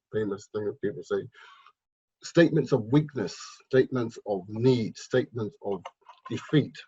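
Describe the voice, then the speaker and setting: Husky-voiced man, mid-pitched, for an emphatic motivational vlog talk; dull lo-fi sound. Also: a little mellow. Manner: emphatic, repetitive, lecturing. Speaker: wealth mindset vlogger. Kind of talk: motivational monologue.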